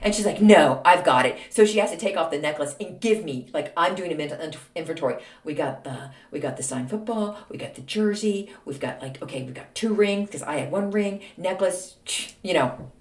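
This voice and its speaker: A woman's voice: lowish voice, brisk, reverberant. A middle-aged woman hosting a podcast, telling a story in a chatty, sassy way. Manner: animated, chatty, sassy asides. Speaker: podcast host. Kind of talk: casual storytelling monologue.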